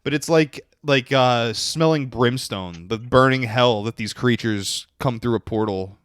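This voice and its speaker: A man's voice: mid-range voice, unhurried, fairly bright tone, no room sound, studio quality. A man in casual chat, teasing and rambling between laughs. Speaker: podcast co-host.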